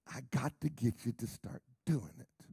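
Gravelly, emphatic male preacher. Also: mid-range voice, a little slow, dry recording, clean studio sound. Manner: emphatic, repeats questions to the crowd, swings from whispers to loud. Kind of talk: sermon.

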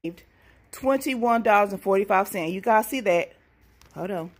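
A woman chatting casually and excitably to her viewers about her coupon deals. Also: medium pitch, moderate pace. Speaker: couponing vlogger. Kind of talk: casual deal-hunting vlog.

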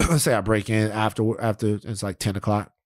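A man's voice: lowish voice, level tone, moderate pace, no room sound, clean studio sound. A man hosting a podcast, telling rambling, profane stories in casual chat. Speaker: podcast host.

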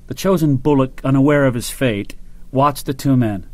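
Man, audiobook narration, measured and steady, dry close mic, mid pitch. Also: no echo. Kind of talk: scripted narration.

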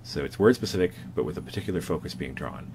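A man's voice: deep voice, expressive, fast talker, darkish tone, a little hiss or hum. A man lecturing on comics art from home, explaining slide examples with frequent fillers and self-corrections.

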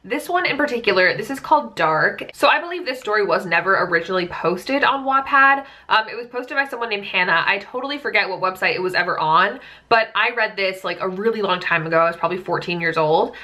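A woman's voice: mid-range voice, animated, fast talker, few pauses, pushed and bright. A woman in her twenties chatting casually to camera as a book vlogger, peppering her talk with "like" and amused disbelief. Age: 20s.

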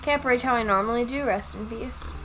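A young woman chatting through a live gaming stream, talking to her viewers and teammates and breaking into high yelps when things go wrong. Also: brisk, a bit bright, a little hiss or hum. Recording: faint music in background.

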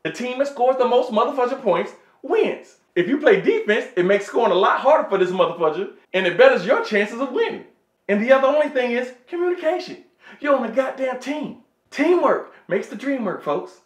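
A high-voiced man rants to his camera with swings all over his range, cursing freely and calling his viewers folks. His profane, animated talk rings around an echoey indoor room. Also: a little fast. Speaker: vlogger. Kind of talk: casual comedic rant to camera. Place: indoor room with wooden floor.

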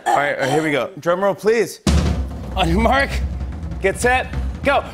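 Excitable male host shouting directions. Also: high-pitched, normal speed, over music. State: out of breath. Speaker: talk show host. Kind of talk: playful game-show hosting. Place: TV studio stage. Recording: studio crowd and room noise.

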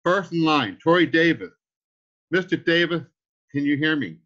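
A man's voice: on the high side, animated, moderate pace, a bit bright. A man hosting an online training call, giving an upbeat motivational talk to the group and calling them guys. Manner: upbeat, addresses listeners as guys. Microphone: video call. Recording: dull lo-fi call audio.

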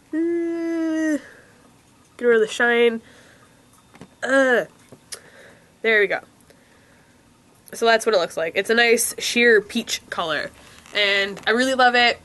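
A young beauty vlogger with a stuffed-up nose reviews lipsticks casually in a room with a window. Her voice is on the high side, pushed and bright, and she rambles chattily with lots of ums and likes.

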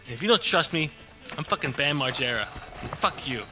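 A man's voice: mid-range voice, lively intonation, brisk. A young man cracking crude jokes in casual banter while commentating a video game with a friend. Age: young adult. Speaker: gaming channel host. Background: game music.

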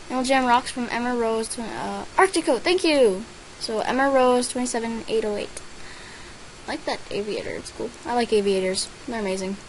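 A woman's voice: on the high side, slight background noise, poor audio. A teenage girl chatting casually as she records her gameplay, reading out other players' names and messages and squealing over gifts. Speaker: gaming vlogger.

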